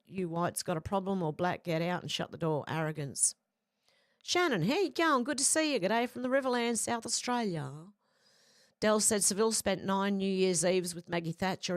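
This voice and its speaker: In clean studio sound without any room noise, a low-voiced woman hosts a livestream, reading out comments from viewers and tossing in brief, offhand responses.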